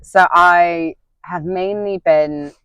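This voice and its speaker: A man's voice: high-pitched, steady tone, slow pace, pushed and bright, smooth, no echo. Campy, theatrical young man. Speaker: guest. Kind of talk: casual interview chat.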